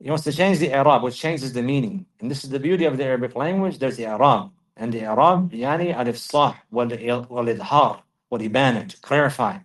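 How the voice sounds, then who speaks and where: A man giving a religious lesson, repeating key phrases for emphasis and reciting Arabic verses quickly. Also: mid-range voice, rough recording. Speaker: Islamic teacher.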